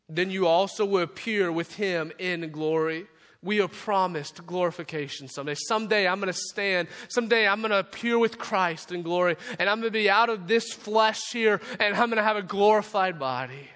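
A man's sermon from a church sanctuary, his voice pitched high and sharply bright. He preaches with passion, rising loud and then dropping soft. A long reverb from the hall trails every phrase. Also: normal speed. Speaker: pastor.

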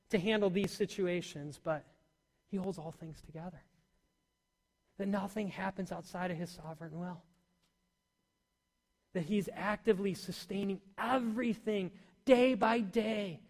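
A man preaching a sermon to a congregation, animated and full of questions to his listeners. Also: sits high. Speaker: pastor. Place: church hall. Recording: long hall reverb.

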